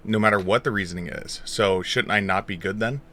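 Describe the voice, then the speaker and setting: A man's voice: lowish voice, a little fast, pushed and bright. A man playing a tabletop role-playing game, arguing his point at rambling length. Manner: argumentative, rambling. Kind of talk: casual chat, arguing a point.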